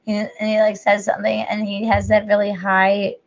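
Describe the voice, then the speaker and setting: A woman's voice: medium pitch, completely flat delivery, fairly quick. A woman co-hosting a podcast, chatting casually in a rambling, jokey way. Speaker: podcast co-host. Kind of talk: casual chat. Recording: muffled lo-fi audio.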